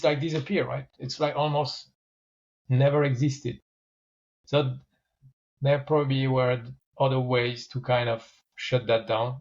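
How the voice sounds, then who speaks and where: Man, co-host, casual chat, hesitant, repeats words, slightly muffled sound. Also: medium pitch.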